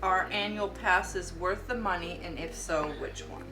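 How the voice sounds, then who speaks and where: A woman's voice: on the low side, unhurried, pushed and bright, reverberant, slight background noise, rough recording. A woman co-hosting a casual vlog, reacting with laughs while her mouth burns from hot sauce. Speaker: vlogger, co-host.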